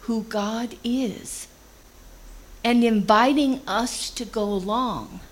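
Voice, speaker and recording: A woman's voice: a little high, slow pace, poor audio. A woman preaching a conversational sermon, reading scripture and explaining it in plain everyday language.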